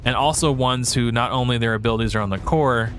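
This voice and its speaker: A man's voice: mid-range voice, fast, fairly bright tone, soft background music. A man giving casual thinking-aloud commentary as a gaming video creator, rambling and hesitant with frequent restarts and fillers.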